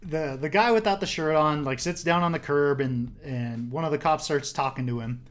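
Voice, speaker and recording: A man's voice: fairly high pitch, moderate pace. A young man telling a story in a casual, rambling way, full of "like" and swearing. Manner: rambling, filler-heavy, swears.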